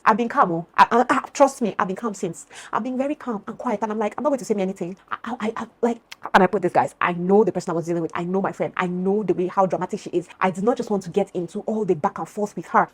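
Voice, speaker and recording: Fast-talking young woman telling a story. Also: mid-range voice. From Cameroon. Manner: animated, addresses viewers as "guys", acts out both sides of a dispute. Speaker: vlogger. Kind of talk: casual storytelling vlog.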